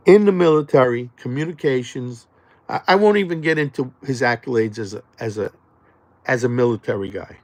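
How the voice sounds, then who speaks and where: A man hosting a podcast, talking loud and jokey, swinging between near-shouts and low mutters as he promotes the show. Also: vocal fry. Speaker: podcast host. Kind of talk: hyped podcast promo monologue.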